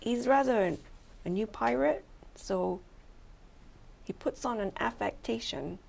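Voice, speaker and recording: A woman voicing a discreet male companion who murmurs a quiet warning. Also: measured pace, gravelly, heavily acted. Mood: confiding. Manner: low confiding murmur. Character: discreet male tavern guide, confiding.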